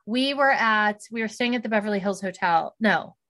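A woman's voice: mid-range voice, moderate pace. Chatty middle-aged woman telling stories. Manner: chatty storyteller, animated and laughing. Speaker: podcast co-host. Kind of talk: casual chat.

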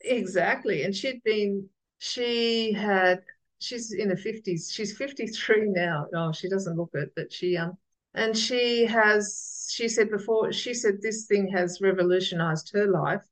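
A woman with a gravelly voice, chatting casually as a podcast guest and often restarting her sentences. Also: medium pitch, unhurried, low-quality recording. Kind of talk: casual interview chat.

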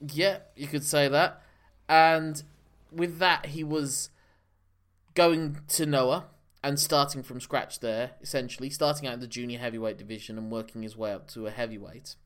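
A man's voice: mid-range voice, steady tone, normal speed, a bit bright. A man co-hosting a casual podcast, explaining things at length in a knowledgeable way. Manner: knowledgeable, long explanatory runs. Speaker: podcast co-host. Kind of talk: casual wrestling podcast chat.

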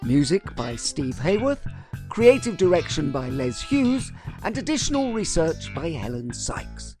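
A man's voice: fairly high pitch, sing-song, measured pace, a little mellow, soft background music. A man hosting a podcast, asking interview questions and reading the closing credits in an upbeat way. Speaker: podcast host.

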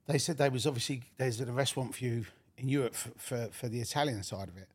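A man's voice: mid-range voice, fast talker, breathy edge. A man hosting a podcast interview, asking casual questions between brief encouraging interjections. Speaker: podcast host.

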